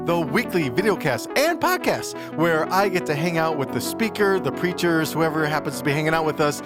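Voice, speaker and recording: Animated, upbeat man hosting a chat. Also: a little high, fairly quick, few pauses, music in the background. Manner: upbeat, joking, lots of fillers and restarts. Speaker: youth pastor and podcast host. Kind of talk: casual chat.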